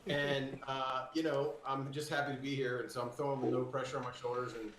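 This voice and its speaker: A man's voice: medium pitch, flat delivery, brisk, fairly bright tone. A man who plays darts, talking at length after a win over a video call, boastful and joking. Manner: cocky, joking, talkative. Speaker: darts player. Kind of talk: post-match interview. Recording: roomy sound with faint noise.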